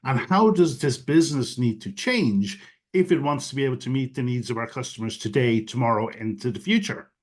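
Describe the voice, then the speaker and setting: Male guest expert on a video call, mid-pitched, fluent and filler-heavy, explanatory. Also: fairly quick. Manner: fluent, many "you know" fillers, explanatory. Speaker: guest expert on digital strategy. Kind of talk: webinar interview answers.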